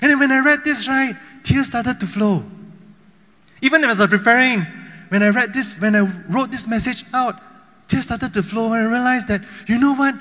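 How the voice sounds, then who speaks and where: High, bright-voiced male preacher in a reverberant hall. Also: moderate pace. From Malaysia. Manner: storytelling preacher with frequent rhetorical questions. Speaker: pastor. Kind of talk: sermon. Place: church hall.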